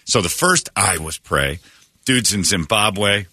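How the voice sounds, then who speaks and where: Deep-voiced man excitedly retelling a story. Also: slow, no room sound. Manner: animated retelling with many restarts and fillers. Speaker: radio show host. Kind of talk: casual storytelling chat. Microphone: studio microphone.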